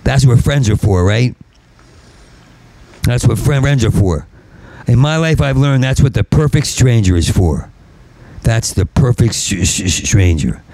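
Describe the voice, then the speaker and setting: A man, a stand-up comedian, in a profane rambling rant, stuttering and repeating syllables and swinging into angry shouting. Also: medium pitch, no room sound.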